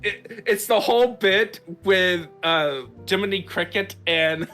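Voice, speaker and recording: A man's voice: sits high, takes it slowly, pushed and bright, soft background music. A man in casual podcast chat, recapping a game story in a rambling way with frequent fillers and restarts. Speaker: podcast host.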